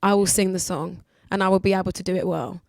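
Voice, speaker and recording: A woman's voice: lowish voice, fast talker, no room sound, studio quality. Candid woman in her twenties. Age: 20s. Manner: candid, lively, acts out other people's voices. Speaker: guest singer. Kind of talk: casual radio interview chat.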